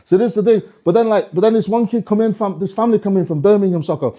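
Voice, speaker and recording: A man's voice: high voice, very fast, dark tone. A man doing stand-up comedy, telling a rambling, swearing story with lots of restarts. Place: comedy club stage.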